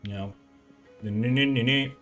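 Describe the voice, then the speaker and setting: A man's voice: mid-range voice, unhurried, fairly bright tone, soft background music. A man live-streaming a game from a room at home, chatting casually and rambling while he tests and moves his desk mic. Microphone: desk mic, moved around while talking.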